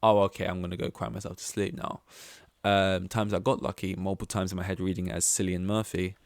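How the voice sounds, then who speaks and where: A man's voice: deep voice, flat delivery, fast, gravelly, no room sound, clean studio sound. A young man hosting a casual solo podcast, rambling and chatty, with self-deprecating asides and lots of fillers. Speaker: podcast host.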